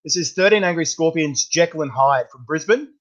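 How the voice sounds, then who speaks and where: An Australian man hosts a casual interview, chatty and stumbling as he repeats words. His voice sits fairly high. The recording sounds dull and lo-fi. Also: lively intonation, fairly quick. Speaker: podcast host.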